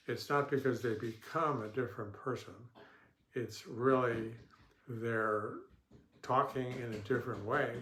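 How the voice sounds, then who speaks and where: A man with a middle-pitched voice talks slowly and deliberately, as a therapist teaching to camera. He pauses between short phrases and clears his throat now and then. His voice rings in a roomy, echoey space. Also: fairly bright tone. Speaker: stuttering therapist. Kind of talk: instructional talk to camera. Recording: echoey room.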